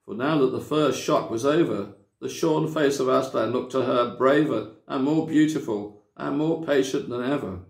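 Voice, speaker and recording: A man from a church reading a children's story aloud, with measured, dramatic storytelling. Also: mid-range voice, creaky. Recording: echoey room.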